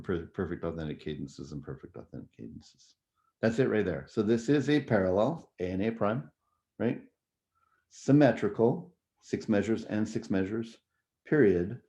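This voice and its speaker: Low-voiced man teaching music theory. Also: dark tone, highs cut off. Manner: explanatory, conversational, frequent "right?" and "okay?" checks. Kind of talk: recorded lecture review.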